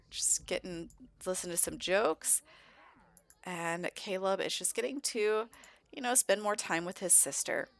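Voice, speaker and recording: A woman giving casual let's-play commentary, chatting about her sims and voicing their conversations in quick asides. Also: lowish voice, a bit bright. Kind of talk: casual gameplay commentary with voiced character dialogue.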